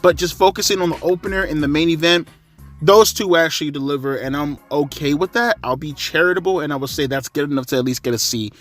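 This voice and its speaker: A man's voice: fairly high pitch, fast, fairly bright tone, soft background music. A man giving a blunt, rambling spoken review, a bit tired and short of breath. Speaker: wrestling commentary vlogger.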